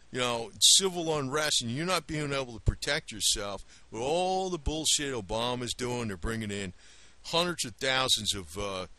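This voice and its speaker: A man's voice: medium pitch, bright, forceful tone, dry recording. A man from the Northeast with a New Jersey accent, rambling to camera in a blunt, profane rant. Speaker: video blogger.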